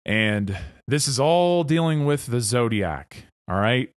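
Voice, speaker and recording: A man's voice: mid-range voice, animated, slow, smooth, no echo, clean studio sound. A man hosting a spoken presentation, explaining ideas earnestly and often checking in with listeners by asking "okay?". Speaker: host of an esoteric presentation series. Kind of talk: explanatory monologue lecture.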